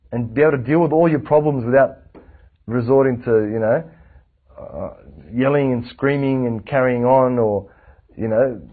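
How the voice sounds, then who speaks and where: A man, teaching a religious class with lively rhetorical questions to his students. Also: mid-range voice, breathy edge. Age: 40s. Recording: tinny lo-fi lecture recording.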